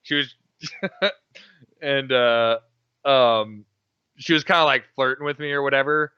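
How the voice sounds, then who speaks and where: A man's voice: mid-range voice, fairly even intonation, measured pace, smooth, no echo. A young man co-hosting a casual podcast, telling rambling stories full of fillers and swearing. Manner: rambling storyteller, swears freely, many fillers. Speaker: podcast co-host. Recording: dry, dull lo-fi mic.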